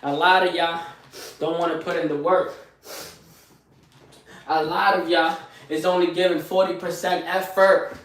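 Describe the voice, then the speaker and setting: Loud preachy man in an echoey home gym. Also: a little high, level tone, measured pace, pauses often. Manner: loud and preachy, repeats phrases, says y'all a lot. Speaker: motivational live streamer. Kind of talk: loud motivational pep talk. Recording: very echoey room, mic far off.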